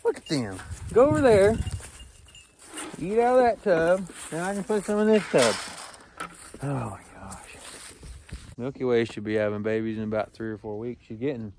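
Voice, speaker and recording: A man, talking casually while doing farm chores and calling loudly to his animals. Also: medium pitch, lively intonation, normal speed, a little hiss or hum. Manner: calls loudly to animals, chatty and laughing. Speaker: farm vlogger. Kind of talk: casual farm vlog narration. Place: outdoors on a farm.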